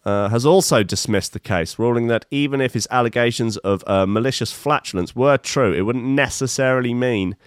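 A man's voice: medium pitch, fairly quick, hardly any pauses, clear, resonant tone, no room sound, clean studio sound. A man in his fifties reading odd news stories and adding wry, rambling comic asides, with many fillers. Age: 50s. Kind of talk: casual comic news commentary.

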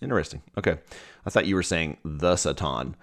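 A man's voice: deep voice, fairly quick. A man hosting a podcast, chatting casually and laughing easily, then reading the sign-off. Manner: laughing, relaxed, upbeat sign-offs. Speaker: podcast host. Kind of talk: casual chat.

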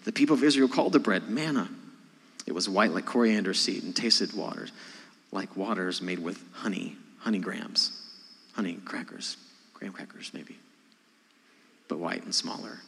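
A man preaching a sermon, talking to his congregation in a conversational way, rising to loud emphasis and dropping to quiet asides. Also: low-pitched, normal speed, creaky, long pauses, slightly rough. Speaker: pastor. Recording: long hall reverb.

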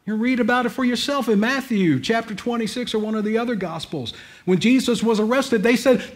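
A man preaching an emphatic sermon, swinging between loud declarations and hushed lines and calling out for amens. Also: extremely high pitch, a little fast.

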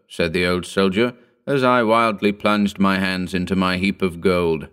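A man narrating a Victorian short story in a measured, formal reading style. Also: deep voice, steady tone, a bit bright, clean tone.

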